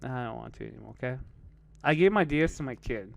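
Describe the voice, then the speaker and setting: A man's voice: mid-range voice, fast, vocal fry. A man co-hosting a podcast, telling a story in casual chat, swearing and laughing often. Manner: animated, profane, laughs often.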